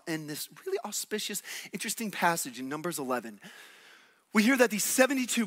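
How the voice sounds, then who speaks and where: A male pastor preaching a sermon in an animated, playful way, acting out characters from the story. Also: high voice.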